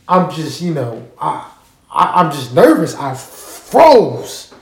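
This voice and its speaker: A man casually telling a story straight to his listeners, animated and profane, often checking that they follow him. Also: a little high, slow. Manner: animated, profane, keeps asking listeners to agree. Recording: roomy echo.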